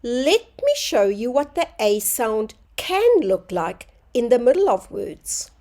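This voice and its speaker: A woman teaching a phonics lesson to young children, sounding out words slowly and clearly. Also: fairly high pitch, big pitch swings, warm tone.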